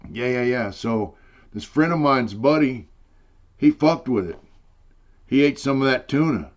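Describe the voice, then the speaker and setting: A man's voice: medium pitch, expressive, measured pace, dull audio. An older man telling a long story in casual, rambling talk, swearing freely and saying "you know" again and again. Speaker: interviewee telling prison stories.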